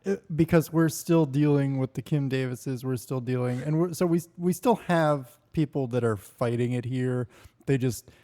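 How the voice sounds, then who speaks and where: A man co-hosting a casual podcast chat, talking in a halting, thoughtful way. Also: medium pitch, dark tone. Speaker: podcast co-host.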